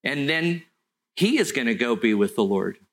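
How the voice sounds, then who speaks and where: A middle-aged man, preaching a sermon in an earnest storytelling way that slows for emphasis. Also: mid-range voice, very animated. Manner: earnest, storytelling, with slow deliberate stretches. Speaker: pastor.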